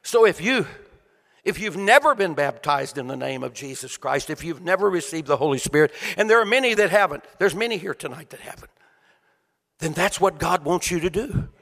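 A man preaching a sermon to a congregation, with a sing-song cadence, rising to shouts and dropping to hushed, quiet lines. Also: on the high side, animated, fairly quick, gravelly, in a large hall. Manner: swings from shouted peaks to hushed quiet delivery.

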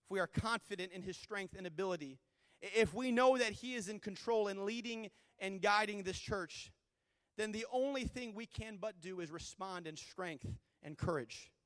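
A man's voice: high voice, normal speed, fairly bright tone, no echo, big-room sound. A male pastor preaching a sermon with fervent, repeated refrains.

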